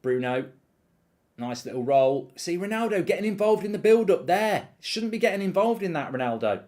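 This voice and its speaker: A man's voice: high-pitched, very animated, moderate pace, darkish tone. A man hosting a live football watchalong, ranting animatedly and swearing freely while telling an anecdote. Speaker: host.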